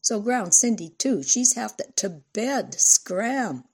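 A woman's voice: fairly low pitch, moderate pace, a little mellow, slightly rough. A woman doing a sarcastic rebellious teen girl. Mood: taunting. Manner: sarcastic, taunting. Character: defiant teenage girl, mocking and rebellious.

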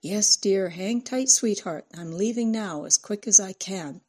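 A woman's voice: medium pitch, measured pace, dark tone, breathy edge. A woman narrator voicing a mild husband who tries to soothe and reason. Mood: placating. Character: placating husband, mild and patient.

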